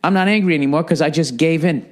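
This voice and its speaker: Profane ranting man with a Boston accent. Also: quick pace. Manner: profane, ranting, swings between loud gripes and low mutters. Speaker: podcast host. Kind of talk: casual comedic podcast rant.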